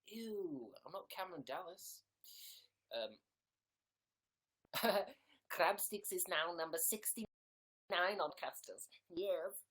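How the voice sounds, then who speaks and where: A man's voice: sits high, animated, takes it slowly, pauses often, a bit bright. A young man hosting a casual livestream from a room at home, joking and rambling, reading comments and dropping into whispered asides. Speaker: livestream host. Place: room in a house.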